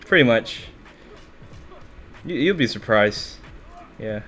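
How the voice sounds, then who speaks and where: A man's voice: medium pitch, lively intonation, slow, a bit bright, soft background music. A man hosting a live stream, chatting casually with his moderators. He laughs often and restarts his words. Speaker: streamer host.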